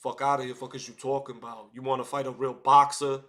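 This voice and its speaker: A man putting on a trash-talking male boxer with a Brooklyn accent, low and muffled. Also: flat delivery, fast talker, fairly bright tone, lightly acted. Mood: taunting.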